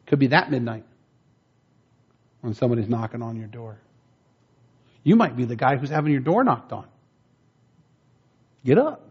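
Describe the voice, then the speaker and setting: A man's voice: mid-range voice, lively intonation, moderate pace, pauses often, breathy edge, dull audio. A man preaching a conversational sermon, telling stories in a folksy way and building up emphasis on his main points. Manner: folksy, storytelling, rising emphasis on key points.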